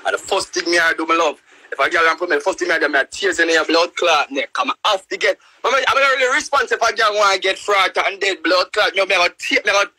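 A young man with a Jamaican accent, live-streaming a profane, loud-mouthed rant in patois. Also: sits high, fast, rough recording. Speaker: livestreamer.

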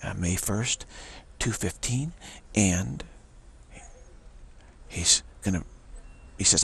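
A man with a gravelly, husky voice, fairly low in pitch and fairly bright in tone, speaks at a normal speed. Acting as a spiritual teacher, he delivers an informal religious sermon that rambles and repeats itself, full of restarts and emphatic declarations.

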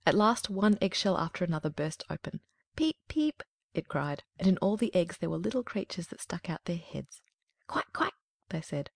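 A woman narrating a classic fairy tale in a calm, measured storybook reading. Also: on the low side, gravelly, no echo.

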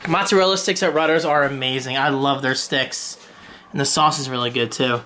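Bright-voiced young man rambling to camera. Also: medium pitch, steady tone, fairly quick, slight background noise. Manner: rambling, self-deprecating, talks straight to the viewers. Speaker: vlogger. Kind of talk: casual vlog chat.

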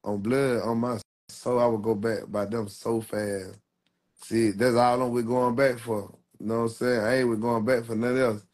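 A man in his twenties talks straight to his viewers in a casual livestream. He rambles, circles back and keeps leaning on street slang. His voice sits at an ordinary middle pitch. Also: flat delivery, normal speed, a little mellow. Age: 20s. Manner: rambling street slang, repeats "real talk". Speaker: rapper.

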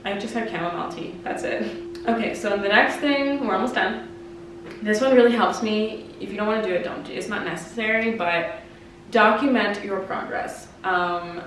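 Speaking in a medium-pitched, slightly bright voice, a twenty-something Canadian vlogger confides emotional breakup advice, saying "like" often and swearing casually. Her compact camera mic is somewhat distant in an echoey room and picks up a little hiss or hum.

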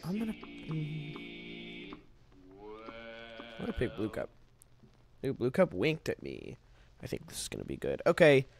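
Lively young man hosting a game let's play. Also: medium pitch, measured pace, gravelly, pauses often, faint music behind. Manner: playful, reads story text with voices. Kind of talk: gameplay commentary, reading story aloud.

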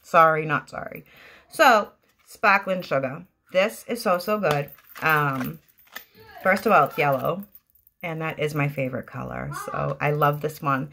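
A woman's voice: sits low, measured pace, vocal fry, pushed and bright, a little hiss or hum. Gushing Boston-accented woman. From Boston area, US. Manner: chatty and enthusiastic, gushing. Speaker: product reviewer. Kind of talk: casual product review vlog. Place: at home.

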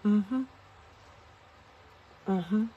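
A woman's voice: mid-range voice, drawn-out words, husky, phone-quality sound. A woman reviewing a kitchen gadget from inside her car, rambling and joking at her own expense as she talks to viewers. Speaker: product reviewer. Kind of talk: casual product review vlog.

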